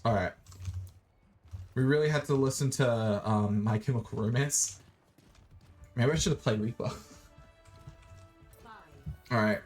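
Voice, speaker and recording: Australian young man, goofy game streamer, casual chat, mid-pitched voice, faint music behind. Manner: goofy, playful, swears, sings robot noises.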